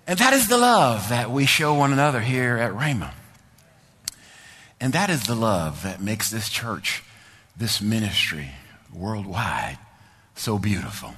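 A man preaching a sermon, telling a story with fervor and leading a prayer in a church. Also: medium pitch. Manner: fervent storytelling, then quiet prayer. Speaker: pastor.

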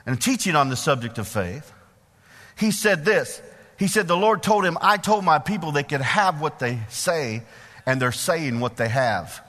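Male preacher, bright forceful voice, fairly high pitch, folksy sermon, long church reverb. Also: a little slow. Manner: folksy, animated, calls out questions to the congregation. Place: church hall with a congregation.

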